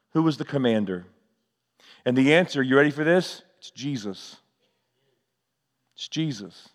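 A man's voice: medium pitch, in a large hall. A man preaching a sermon to his church, questioning the congregation and answering in a rising and falling delivery. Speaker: pastor.

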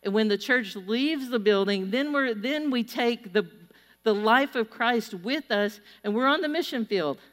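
A middle-aged woman preaching a sermon, telling stories with animated energy and urging her listeners on. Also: on the high side, unhurried. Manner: animated storytelling, exhorting the audience. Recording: long hall reverb.

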